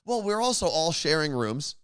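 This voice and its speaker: A man's voice: a little high, sing-song, normal speed, fairly bright tone, smooth, no room sound, clean studio sound. A man co-hosting a casual livestreamed talk show, teasing his co-host and reading out chat comments. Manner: teasing, reads chat comments, laughs often.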